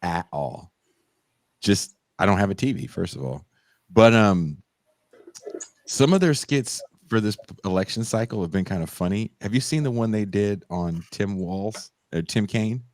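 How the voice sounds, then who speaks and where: On a casual political podcast, a male co-host with a lowish voice retells a comedy sketch, swearing often in animated storytelling. He speaks at a moderate pace, and the recording is dry.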